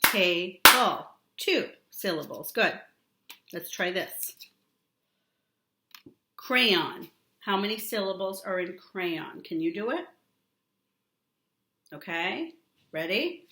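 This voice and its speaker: A woman teaching a young child a remote lesson, drawing out words and repeating them with steady encouragement. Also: mid-range voice, echoey room, background noise. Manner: slow, drawn-out, encouraging teacher talk with repetition.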